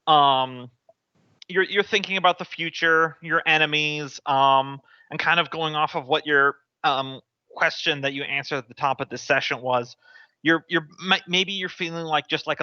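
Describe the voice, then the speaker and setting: A man's voice: fairly high pitch, pushed and bright, no room sound, dull audio. A man narrating a tabletop game as game master, hesitant with many ums and restarts.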